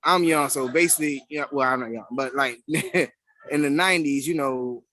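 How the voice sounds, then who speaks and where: A man's voice: medium pitch, moderate pace, pushed and bright, no room sound. A father on a video call in a casual group discussion, speaking hesitantly and searching for words.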